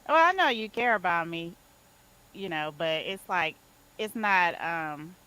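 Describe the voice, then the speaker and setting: A woman in a casual group chat, blunt and unhurried, laughing between her points. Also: lowish voice, lively intonation, bright, forceful tone, clear, resonant tone, low-quality recording. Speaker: podcast participant.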